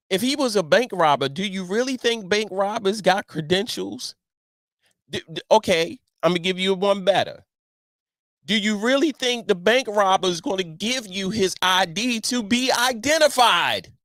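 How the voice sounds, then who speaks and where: A middle-aged man riffs through a casual commentary monologue, his voice sitting a bit high and swinging widely in pitch. He keeps repeating himself, stacking up rhetorical questions and breaking into exclamations. The sound is close and dry, with no room around it. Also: a bit bright, no echo. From Baltimore. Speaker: online show host.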